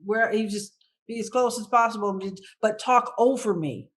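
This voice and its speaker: Woman guest telling a lively personal story. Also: on the high side, moderate pace. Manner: animated, reenacts her own past thoughts.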